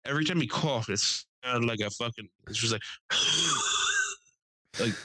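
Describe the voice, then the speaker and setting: Young American male podcast host, bright and crisp, dry mic, loose swearing storyteller. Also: mid-range voice, fast, dry recording, rough recording. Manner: animated, swearing, laughing storyteller doing voices. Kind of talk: casual storytelling chat.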